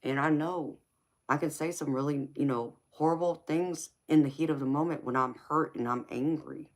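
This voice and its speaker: A woman's voice: low voice, steady tone, normal speed. Middle-aged woman, live-stream host, emphatic and passionate, affectionate to chat. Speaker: tarot reader and live streamer.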